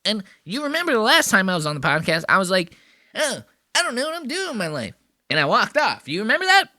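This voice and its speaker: A man doing a mocking, fast, high-pitched impression of a small young man rambling about feeling lost. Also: huge pitch swings, pushed and bright, no room sound, clean studio sound, exaggerated voice. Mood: whiny.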